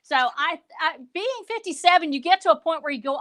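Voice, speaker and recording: A woman's voice: high-pitched, fast, few pauses, bright, forceful tone. A woman, chatting as an author guest in a playful, theatrical, joking way. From Texas. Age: 50s. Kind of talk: casual interview chat.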